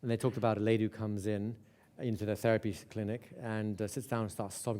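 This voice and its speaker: A man's voice: fairly low pitch, flat delivery, fast talker, warm tone. A man teaching a live hypnosis seminar in a conversational way, often checking in with "right?" and restarting phrases. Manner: restarts and repeats words. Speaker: hypnosis instructor.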